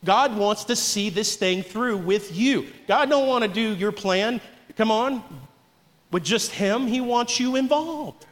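High-voiced preacher exhorting his congregation. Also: takes it slowly, in a large hall. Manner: exhorting, call-and-response with congregation. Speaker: pastor. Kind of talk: sermon. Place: church sanctuary.

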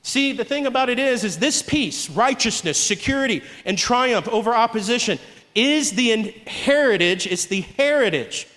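A man's voice: very high voice, expressive, normal speed, a bit bright, big-room sound. A man preaching a sermon to a congregation in a church, urging call-and-response from the pews. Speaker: pastor. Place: church sanctuary.

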